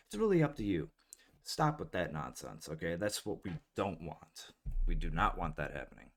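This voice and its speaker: A man's voice: low-pitched, big pitch swings, moderate pace, a bit bright. A man hosting casual political commentary in a blunt, scornful and profane way. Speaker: political commentary channel host.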